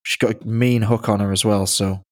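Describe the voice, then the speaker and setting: A man's voice: fairly low pitch, steady tone, moderate pace. A man with an English accent hosting a podcast, joking in a dry, self-mocking way. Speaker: podcast host. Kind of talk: casual podcast banter.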